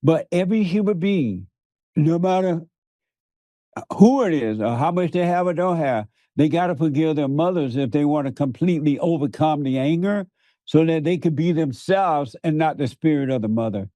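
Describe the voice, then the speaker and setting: A man's voice: a little high, animated, normal speed, warm tone, dry recording. A man preaching to his interviewer in an emphatic, repetitive way, laughing often. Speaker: guest.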